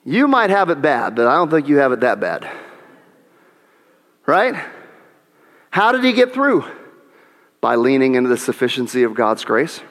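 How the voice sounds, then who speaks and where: A man preaching a sermon in an animated way, acting out voices and swinging between loud and hushed. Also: mid-range voice, moderate pace, pauses often. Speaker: pastor. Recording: reverberant hall.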